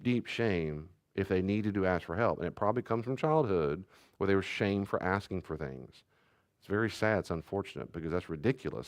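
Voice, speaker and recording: Man, pastor, middle-aged, lively storytelling, low voice, dry close sound. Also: dry recording. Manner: animated storytelling, acting out child and parent voices. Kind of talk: teaching talk on parenting and boundaries.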